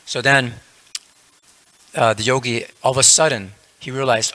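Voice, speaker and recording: A man's voice: medium pitch, steady tone, normal speed, pauses often, bright, forceful tone, no room sound. Man telling a story in a temple class. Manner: casual, frequent "you know" fillers.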